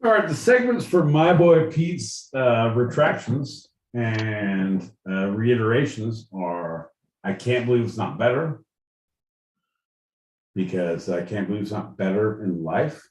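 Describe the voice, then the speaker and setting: Lively joking male podcast co-host. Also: on the low side, slow pace, echoey room, low-quality recording. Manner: profane, joking, teasing. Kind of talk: casual chat.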